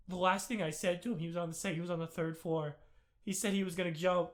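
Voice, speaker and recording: A young man co-hosting a podcast, telling rambling, excitable stories in casual chat and breaking into loud impressions. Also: sits high, fast. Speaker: podcast co-host.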